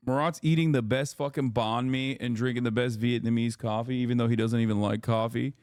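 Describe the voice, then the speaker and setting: A man's voice: medium pitch, brisk, no echo, clean studio sound. A man hosting a livestream, chatting casually and ranting with a lot of profanity. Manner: profane, ranting, animated rambling. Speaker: streamer host.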